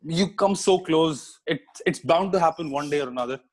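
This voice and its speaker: A man's voice: a little high, a little fast. Laughing, rambling man on a call. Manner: laughs often, talks in rambling restarts. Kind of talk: casual chat. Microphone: remote call.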